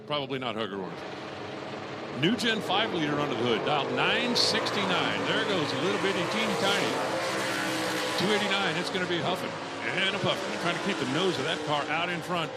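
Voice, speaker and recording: A slightly high-pitched man works as the announcer at a drag race, calling it live over a noisy background. Between runs he fills time with chatty jokes and puns, and he gets louder as the cars launch and cross the finish.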